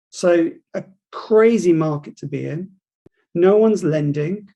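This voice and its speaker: A man's voice: high-pitched, gravelly, a little mellow. A man in his forties telling his career story to university students, acting out conversations as he goes. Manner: storytelling, acts out dialogue, frequent restarts. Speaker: property industry guest speaker. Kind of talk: motivational talk to students.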